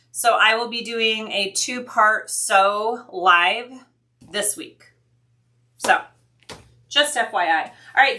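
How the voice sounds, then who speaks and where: A woman's voice: fairly high pitch, pushed and bright. A woman hosting a sewing livestream, chatting casually with viewers, thinking aloud and answering their comments.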